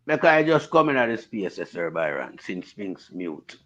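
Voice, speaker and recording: A man's voice: on the low side, big pitch swings, unhurried, a bit bright. A man with a Jamaican accent chatting casually in patois during an online group audio chat. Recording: dull lo-fi audio.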